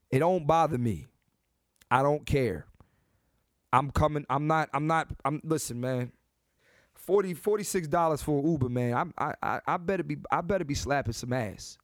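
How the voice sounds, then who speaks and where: Man in his 30s, solo podcast host, brash and animated, lively pitch, dry close mic. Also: dry recording. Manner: brash, animated, repetitive restarts. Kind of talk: comedic solo podcast monologue.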